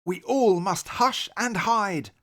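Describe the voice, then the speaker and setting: A man voicing a frantic, protective father rabbit in a storybook read-aloud, with shrill, panicky warnings. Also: takes it slowly, a bit bright. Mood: hushed worry.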